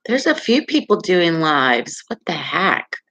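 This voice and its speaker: A woman's voice: fairly low pitch, very animated, a little slow, fairly bright tone, husky. A middle-aged woman hosting a casual astrology live stream, chatting with viewers, reacting to their comments and laughing often. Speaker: livestream astrology host.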